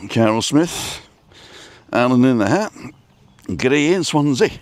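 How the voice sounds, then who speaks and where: A man live-streaming as he walks outdoors by the coast, chatty and rambling, a little out of breath from walking briskly. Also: medium pitch, expressive, dry recording. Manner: chatty, rambling, greets viewers by name. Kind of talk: casual walk-and-talk live stream.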